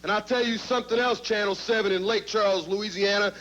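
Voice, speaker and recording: A man's voice: high-pitched, fairly even intonation, a little fast, fairly bright tone, dull audio. A man cutting a boastful, taunting wrestling promo on old TV audio.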